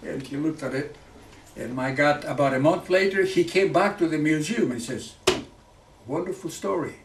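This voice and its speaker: A man, a former pilot giving a speech. He talks in halting phrases full of fillers and restarts. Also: fairly high pitch, noisy background. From Greece. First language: Greek. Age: 90s. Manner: halting, with many fillers and restarts, earnest and patriotic. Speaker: guest speaker, retired fighter pilot. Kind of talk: speech to an audience. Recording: echoey room picked up from far off.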